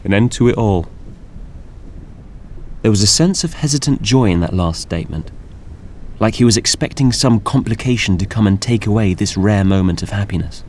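A man reading a science fiction audiobook in measured, expressive narration. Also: fairly low pitch, a little hiss or hum. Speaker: audiobook reader. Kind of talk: scripted narration.

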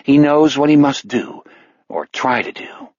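A man reads a grim audiobook at a measured pace, dwelling slowly on the darkest words. The recording is dry and slightly dull. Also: medium pitch, darkish tone, no echo. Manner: measured, slows on grim details. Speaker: narrator. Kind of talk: audiobook narration.

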